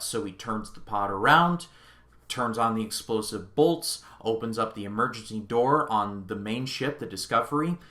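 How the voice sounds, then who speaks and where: A man's voice: medium pitch, normal speed, a bit bright. A young man reviewing a movie in a casual video, chatting with amusement as he recounts the scenes. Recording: echoey room.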